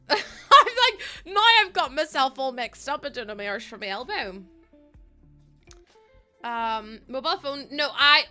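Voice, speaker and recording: A woman's voice: mid-range voice, bright, forceful tone. An Irish woman streaming a game and chatting casually, rambling, giggling often and swearing offhand. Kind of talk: casual live-stream chat while playing.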